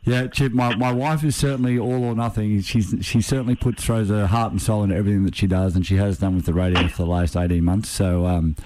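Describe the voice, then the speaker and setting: A man's voice: lowish voice, fairly even intonation, a little fast, few pauses, dark tone, rough recording. Laid-back joking man on radio. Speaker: co-host, host's husband. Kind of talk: casual radio chat. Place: radio studio.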